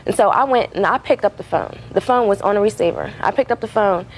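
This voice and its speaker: A woman testifying as a defendant in a courtroom. She rambles through her account, padding it with fillers and restarts, and her voice sits at an ordinary pitch over faint room noise. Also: quick pace, low-quality recording.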